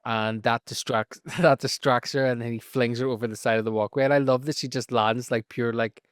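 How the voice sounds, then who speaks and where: A man with a Northern Irish accent recapping a TV episode in a casual podcast chat, telling it in a lively, profane way. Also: mid-range voice, a little fast, clean tone, dry recording, studio quality. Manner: animated, profane storytelling with frequent laughs. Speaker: podcast co-host.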